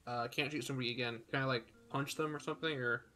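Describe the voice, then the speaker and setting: A man's voice: medium pitch, fairly even intonation, racing, pushed and bright. A young man playing a tabletop game over a voice call, unsure of the rules, self-deprecating and casually swearing. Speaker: player.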